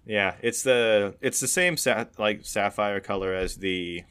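A man's voice: lowish voice, measured pace, fairly bright tone, smooth. A man running a tabletop game as game master, rambling with many fillers and restarts, laughing often.

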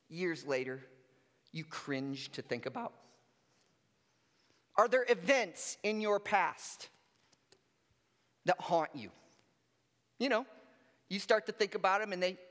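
A high-voiced male pastor preaching in a casual, conversational way, tossing questions at his congregation. Long hall reverb hangs after his lines. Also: fairly bright tone. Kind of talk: sermon.

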